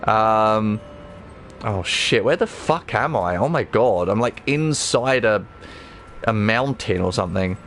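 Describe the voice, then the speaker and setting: A man's voice: on the low side, slow pace, a little hiss or hum. Rambling, swearing male game streamer. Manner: rambling, swears often, excitable outbursts. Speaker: livestreamer. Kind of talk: casual gameplay livestream chat.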